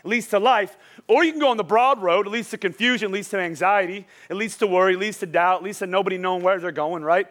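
A young adult man preaches a sermon in a church auditorium, speaking casually and with energy. His voice is high, fast and fairly bright. He often restarts, repeats words and asks the crowd "right?"

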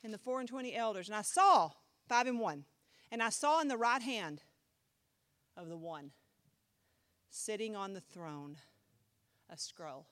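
A woman pastor teaching a Bible class in a chatty, animated way, often asking the class questions. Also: mid-range voice, unhurried, pauses often, no echo.

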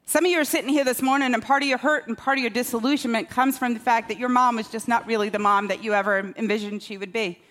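A woman's voice: a little high, fairly even intonation, fast, hardly any pauses, a bit bright. A woman pastor preaching a sermon in a conversational, self-deprecating way, often checking in with the congregation. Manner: conversational, self-deprecating humor, rhetorical "okay?".

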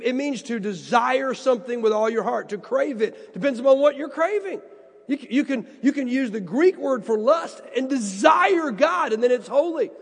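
High, husky-voiced preacher in a hall. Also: male voice. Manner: earnest, stammers and repeats words. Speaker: pastor. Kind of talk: sermon with personal storytelling.

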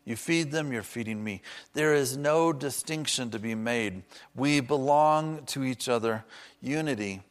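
A man preaching a sermon, earnest and personal, slowing down to stress key words and dropping in chatty asides. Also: mid-range voice.

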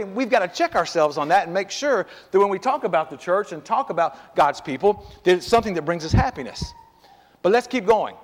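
A man's voice: high voice, lively intonation, a little fast, long reverb tail. A man pastor preaching a sermon in a church, talking conversationally and piling up rhetorical questions. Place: church sanctuary.

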